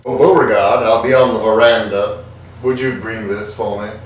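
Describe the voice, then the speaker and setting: A man voicing a languid, mock-aristocratic southern gentleman calling for his servant, in a put-on Southern drawl. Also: on the low side, fairly even intonation, normal speed, very echoey, far from the mic, lightly acted, rough recording. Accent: American Southern drawl, put on.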